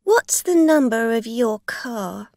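Woman reader doing a pushy schemer, raised pitch, gravelly, slow. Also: expressive, dry recording, clean studio sound. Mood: demanding. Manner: sharp, insistent, bargaining. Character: scheming middle-aged woman, bold and demanding. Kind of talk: storybook reading.

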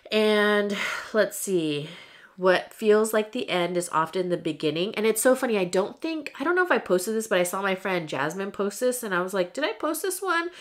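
A woman's voice: mid-range voice, normal speed. A young woman vlogging straight to her viewers in a candid, chatty way, full of fillers. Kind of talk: casual talk to camera.

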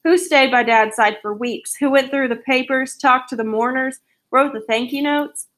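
A woman reading aloud the lines of a bitter, resentful middle-aged aunt in a sharp, accusing way. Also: high-pitched, steady tone, normal speed.

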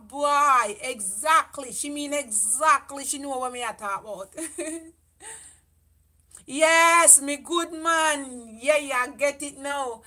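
A middle-aged woman with a Jamaican accent holds a casual livestream chat with her viewers. Her voice sits high and rings bright and forceful. She talks loudly and lets patois run through her English. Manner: loud, lively, mixes patois into English. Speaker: beauty vlogger.

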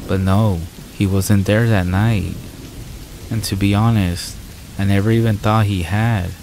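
A man narrating horror stories in a calm, measured way with dramatic pauses. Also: fairly low pitch, a little hiss or hum, poor audio.

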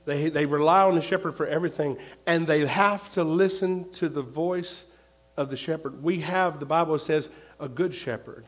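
A male pastor preaching a sermon, repeating his points and swinging between loud and hushed. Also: on the high side, moderate pace.

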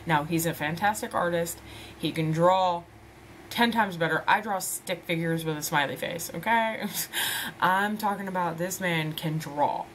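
A woman's voice: fairly low pitch, a little slow, a little hiss or hum. A woman in her twenties chatting casually to camera as a vlogger, rambling and laughing as she addresses her viewers as ladies. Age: 20s.

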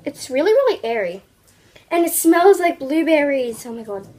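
A young woman vlogger unboxing products in an excitable, gushing way, full of exclamations. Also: high voice, normal speed, poor audio.

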